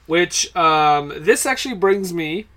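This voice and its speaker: A man's voice: high-pitched, expressive, slow, a bit bright. A man co-hosting a casual film podcast, talking in a chatty, laughing way and often restarting his sentences. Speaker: podcast co-host.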